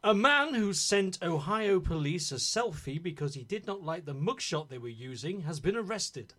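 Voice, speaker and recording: A man's voice: high-pitched, big pitch swings, moderate pace, bright, forceful tone. A man co-hosting a comedy podcast, reading a news story in a mock-formal newsreader way. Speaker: co-host.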